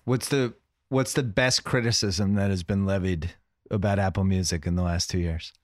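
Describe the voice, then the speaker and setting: Podcast host, man, low voice, dry close mic, casual filler-heavy questions. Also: fairly even intonation, moderate pace, no room sound.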